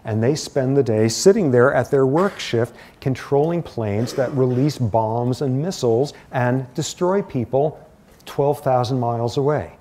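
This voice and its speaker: Middle-aged male lecturer, mid-pitch voice, animated anecdotal delivery. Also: measured pace, a little hiss or hum. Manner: animated storytelling with asides. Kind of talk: university lecture.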